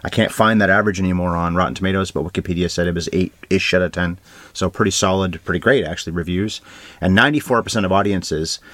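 A man co-hosting a film podcast, running briskly through award trivia and box office numbers with dry asides. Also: sits low, fairly bright tone, dry recording. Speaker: podcast co-host. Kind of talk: casual film review chat.

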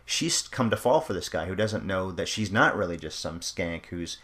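Male co-host, very low voice, relaxed film chat, reflective, drops quiet at phrase ends. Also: normal speed. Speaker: podcast co-host. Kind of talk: casual film discussion.

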